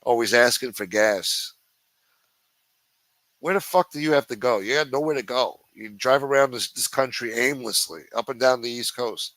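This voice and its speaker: Forceful ranting man, lots of cursing. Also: mid-range voice, normal speed, no echo, rough recording. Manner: sneering, profane, contemptuous. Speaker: livestream host. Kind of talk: profane ranting commentary.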